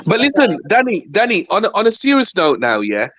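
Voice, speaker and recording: A man's voice: high voice, huge pitch swings, a little fast, crowd noise. A man on a call to a live stream, talking in an earnest, slangy, persuasive way. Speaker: guest on stream. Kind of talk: casual chat over a call. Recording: dull, dry lo-fi call audio.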